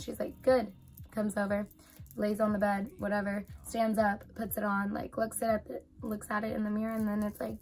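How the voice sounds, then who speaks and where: Young adult woman vlogger, chatty storyteller, animated retelling, mid-range voice, soft music bed. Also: medium pitch. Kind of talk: casual storytime chat.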